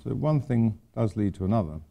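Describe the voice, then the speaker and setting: A man's voice: on the low side, animated, fairly quick, creaky, warm tone. An older man, an architect giving an informal lecture, rambling through anecdotes with wry asides.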